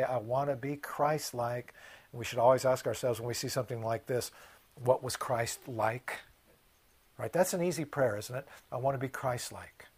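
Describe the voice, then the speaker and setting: A man preaching a sermon, swinging from hushed, quiet passages to loud, impassioned ones. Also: mid-range voice, husky. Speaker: pastor.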